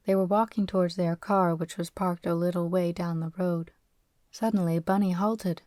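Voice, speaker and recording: A woman narrating a novel as an audiobook, reading in a steady, expressive way. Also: lowish voice, moderate pace, no room sound, clean studio sound.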